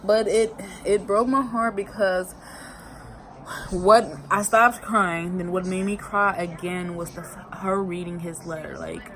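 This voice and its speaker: A woman's voice: lowish voice, a little slow, rough recording. A woman talking casually in a vlog recap, emotional and rambling, often repeating herself. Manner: colloquial, expressive. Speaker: vlogger recapping a TV season.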